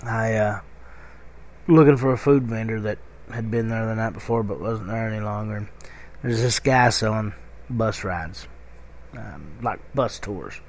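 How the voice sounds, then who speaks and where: A middle-aged podcast host with a Kentucky accent tells a rambling story in a casual monologue. His voice sits on the low side and moves unhurriedly, full of fillers and restarts as he chats along.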